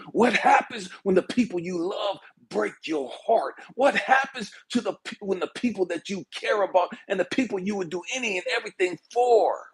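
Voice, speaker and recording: A man giving an impassioned spiritual talk, swinging between hushed whispers and shouted pleas. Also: high voice, breathy edge. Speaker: spiritual speaker. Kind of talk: impassioned motivational preaching.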